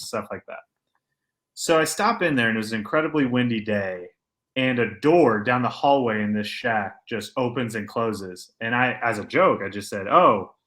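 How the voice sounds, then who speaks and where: Male podcast co-host, bright and forceful tone, animated storyteller, opinionated banter. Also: mid-range voice. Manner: animated storyteller acting out quotes; joking, opinionated. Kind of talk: casual podcast chat.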